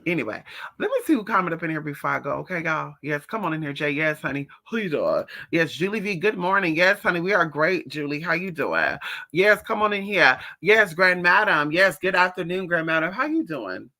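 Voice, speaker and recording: Sassy woman chatting on a livestream. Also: a little fast. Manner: sassy, animated storytelling with big pitch jumps when quoting people. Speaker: livestream host. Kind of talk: casual livestream chat.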